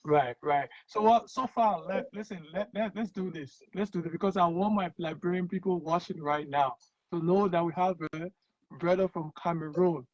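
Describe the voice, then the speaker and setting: A man's voice: high-pitched, moderate pace, no echo, muffled recording. A man hosting a casual interview, upbeat and encouraging, often repeating his words. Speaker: podcast host.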